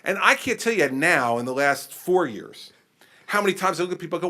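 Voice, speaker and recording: A middle-aged man who is a governor, answering a question at a public forum in an animated, conversational way. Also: a little high, brisk. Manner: animated, conversational, acts out exchanges with people.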